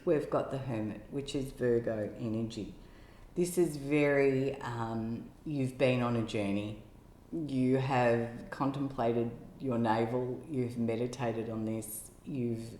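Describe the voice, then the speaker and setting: A woman giving an intuitive tarot love reading in a gentle, musing way, now and then exclaiming with delight. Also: very deep voice. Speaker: tarot reader. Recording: echoey room with faint ambience.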